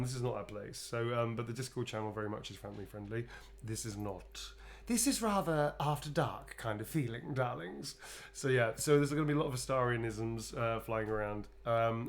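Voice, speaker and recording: Tired, playful man streaming. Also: mid-range voice. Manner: rambling, playful, swears casually, calls viewers darlings. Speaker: actor drawing requested sketches for viewers. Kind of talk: casual livestream chat.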